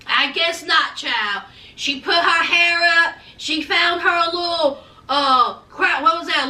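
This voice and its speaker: A woman recaps reality TV in a sassy, chatty gossip style, tossing in honey and child all the time. Her voice is very high and piercingly bright. She sits a bit back from the mic in an echoey room. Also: distant mic. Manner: sassy and animated, calls viewers honey and child.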